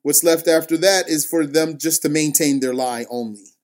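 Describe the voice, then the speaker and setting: A man telling a religious story, reciting scripture, then explaining it line by line in a slow, deliberate manner. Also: fairly high pitch, darkish tone.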